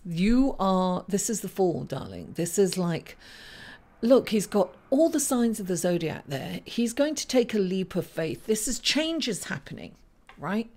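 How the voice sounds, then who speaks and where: A woman's voice: fairly high pitch, darkish tone. Woman, tarot forecast to camera, chatty, rambling, lots of fillers. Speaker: astrologer giving tarot readings. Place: indoors in front of a green screen.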